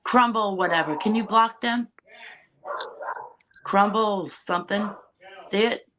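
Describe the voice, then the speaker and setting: A woman's voice: medium pitch, slow, a bit bright, slight background noise, rough recording. Terse woman stream helper.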